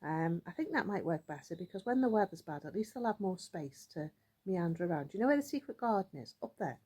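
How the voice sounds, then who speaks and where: A woman's voice: fairly low pitch, animated, fast talker, darkish tone, breathy edge. A woman chatting casually to her vlog audience, rambling and thinking aloud as she goes. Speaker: vlogger. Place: outdoors in a yard.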